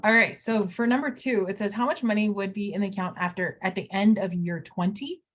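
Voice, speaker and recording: A woman's voice: medium pitch, fairly even intonation, a little fast. A middle-aged woman teaching math in a recorded lesson, talking students through each step with playful asides.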